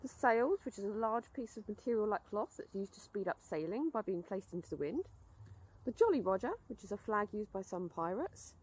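A woman presenting an outdoor lesson for children, explaining in a lively, upbeat way. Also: medium pitch, a little fast, slightly rough.

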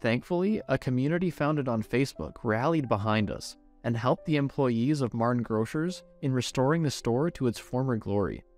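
A man's voice: medium pitch, moderate pace, hardly any pauses, soft background music. A man reading a romance story aloud as first-person scripted narration. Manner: expressive storytelling.

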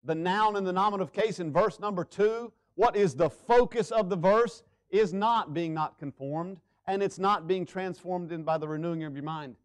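Male pastor, high voice, church sermon; urgent and loud, then hushed and slow for emphasis. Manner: preaching with sweeping swings between loud urgency and hushed emphasis. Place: church sanctuary.

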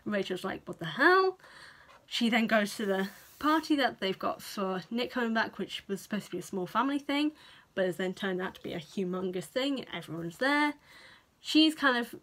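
A woman's voice: medium pitch, fairly quick. Chatty British woman reviewing a film. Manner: chatty and animated, swears freely, playfully acts out characters' reactions. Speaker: vlogger.

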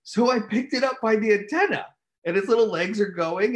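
A man hosting a casual live stream, telling a story with animated outbursts and acted-out shouts. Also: sits high, brisk. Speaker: host.

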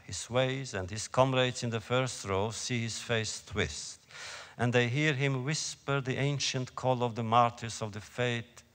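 A man reads his own stories to a live audience, slow, solemn and measured. His mid-range voice carries a long reverb from a large lecture hall. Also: mid-range voice, fairly bright tone. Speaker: author reading his own work. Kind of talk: reading prose to a live audience.

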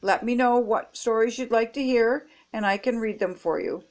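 An older woman reading a picture book aloud to children, expressive and playful with sound effects. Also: a little high, normal speed. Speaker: storybook reader.

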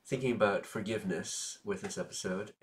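A man's voice: on the low side, brisk. A man co-hosting a podcast in casual chat, hesitant with many ums and frequent agreement. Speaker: podcast co-host.

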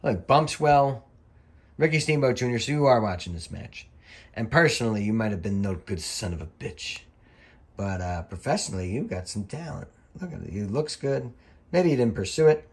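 A man's voice: medium pitch, expressive. A middle-aged man, a former wrestling referee, giving casual, rambling commentary over old match footage and swearing freely as he gets worked up. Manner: rambling, chatty, profane, quick to get worked up.

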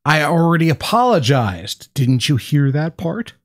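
A man's voice: fairly high pitch, big pitch swings, a little slow, no echo, clean studio sound. A man casually chatting and teasing on a live craft stream. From North Carolina, USA. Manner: joking, teasing. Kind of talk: casual chat.

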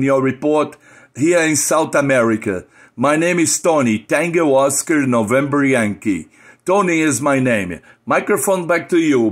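Older ham radio man. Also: on the high side. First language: Portuguese. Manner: friendly, repeats phrases, uses call-sign alphabet. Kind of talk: on-air amateur radio contact.

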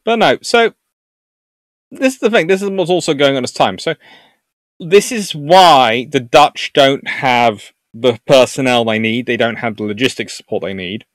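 A man hosting a naval history livestream, chatting with viewers in an animated, jokey way. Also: mid-range voice, moderate pace, no echo. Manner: animated and jokey, puts on silly voices for nations. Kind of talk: live stream talk answering chat.

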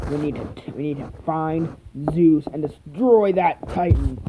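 A speaker acts out every part in a homemade fan drama, one moment loud and excited, the next low and mumbling. The delivery is unhurried. The sound is thin and phone-like, with a faint hiss underneath. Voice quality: excitable, shifting between loud outbursts and mumbled asides. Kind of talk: amateur one-person fan drama, doing every role.

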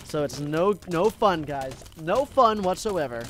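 A man's voice: on the high side, animated, a little slow, a bit bright, a little hiss or hum. A young man giving casual gameplay commentary, addressing his viewers as "guys" and swinging between hype and gloom. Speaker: gaming YouTuber.

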